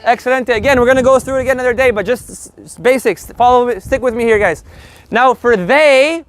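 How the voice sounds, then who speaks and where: A man teaching a live group Spanish lesson in an energetic, joking, profane way. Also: extremely high pitch, fairly quick.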